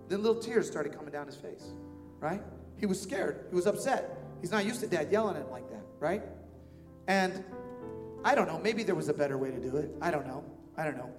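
A man in his thirties preaching a sermon as pastor, emphatic, repeating phrases and swinging between soft and loud delivery. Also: high voice, lively intonation, normal speed. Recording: reverberant hall with faint music.

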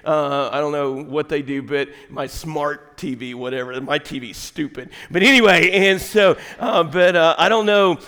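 Brief: man, pastor, sermon, high voice, rambling then forceful, big reverberant church. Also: moderate pace, few pauses. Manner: storytelling, rambling asides, rising to shouted preaching. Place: church sanctuary. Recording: long reverb of a large hall.

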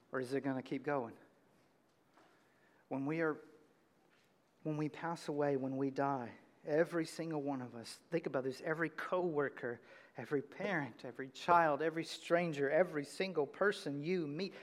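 A man preaching a sermon as pastor, earnest and building to loud emphatic peaks, speaking to a congregation. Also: on the high side, in a large hall. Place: church sanctuary.

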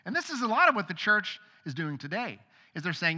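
Bright-voiced man preaching in a hall. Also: high-pitched, sing-song, fairly quick. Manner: conversational, acts out quoted voices. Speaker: pastor. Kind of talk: sermon.

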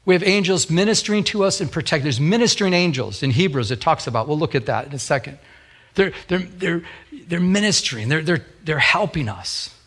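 A man's voice: on the high side, expressive, a little fast, fairly bright tone, breathy edge. A middle-aged man, a pastor, preaching a sermon with a fervent, repetitive cadence.

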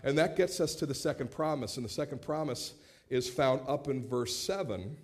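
In a mid-range voice and at a moderate pace, a pastor in his late thirties preaches with lots of energy. He dramatizes the voices he quotes and repeats words at the start of phrases.

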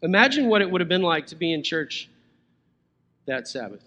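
High, bright-voiced male preacher. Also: big pitch swings, normal speed. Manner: conversational and playful, chuckles as he preaches. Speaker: pastor. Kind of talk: sermon.

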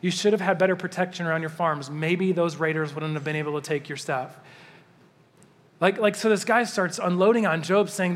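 A man preaching a sermon in a relaxed, conversational way, slowing down whenever he reads scripture aloud. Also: a little high. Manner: conversational, animated, slows down to read scripture. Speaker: pastor. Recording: long reverb of a large hall.

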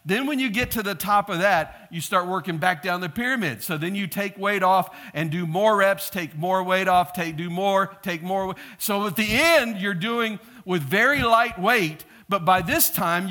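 A man preaching a sermon, telling a story and acting out the people in it with lively shouts. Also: sits high, unhurried. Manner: storytelling, animated, acts out quoted shouts. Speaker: pastor.

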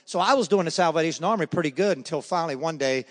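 A man's voice: on the high side, fast. A middle-aged man giving a personal testimony at a men's breakfast, telling stories and acting out voices. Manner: storytelling, acts out voices. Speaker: guest speaker. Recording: echoey hall.

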